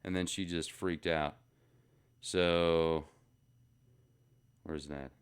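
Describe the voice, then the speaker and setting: A man's voice: low voice, steady tone, extremely slow, clear, resonant tone. A man hosting a casual commentary video, joking and rambling between topics. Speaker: video host.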